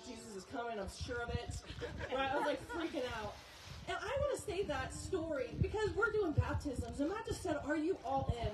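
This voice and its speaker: A woman speaking to a church crowd, telling a story in a chatty, laughing way. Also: high voice. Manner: animated, laughing, chatty with frequent "okay?". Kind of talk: casual storytelling talk to a congregation. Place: outdoor church service. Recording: roomy, distant, with crowd and noise.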